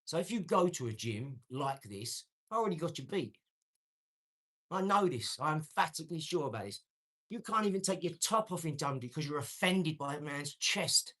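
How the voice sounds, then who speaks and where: A man's voice: a little high, animated, moderate pace, pushed and bright. A man, talking brashly and boastfully on his own live stream, answering comments. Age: 40s. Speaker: livestream host.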